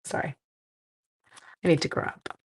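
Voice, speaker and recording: A middle-aged woman from Canada hosting a card-making livestream, chatting playfully with viewers while she works. She sounds tired. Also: normal speed. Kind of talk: casual crafting livestream chat.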